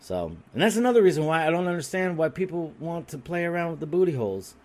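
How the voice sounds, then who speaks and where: A man telling a story on a podcast in a crude, rambling and animated way, restarting his sentences often. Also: fairly high pitch, fast. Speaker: podcast co-host. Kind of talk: casual comedic storytelling.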